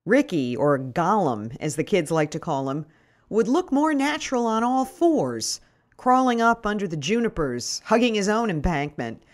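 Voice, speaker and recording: A middle-aged woman reading her first-person memoir in a wry, deadpan storytelling manner. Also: mid-range voice, moderate pace. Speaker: narrator.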